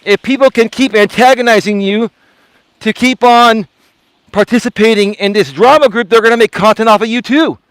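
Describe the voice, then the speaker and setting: A man's voice: high voice, moderate pace, clear, resonant tone, no room sound. A man, a life coach, talking on a live walking stream in an indignant, lecturing way, often repeating himself. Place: outdoors walking.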